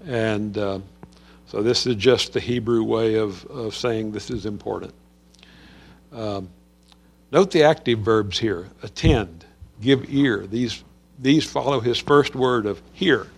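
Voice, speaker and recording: A man's voice: fairly low pitch, takes it slowly, vocal fry. A man teaching a Bible study on a Psalm in a conversational way, with frequent fillers and restarts.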